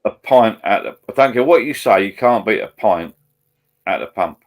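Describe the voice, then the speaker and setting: A low-voiced Essex man talks at normal speed with lively intonation while hosting a live stream at home next to his laptop. He rambles in a blokey fashion, trading casual banter over a video call.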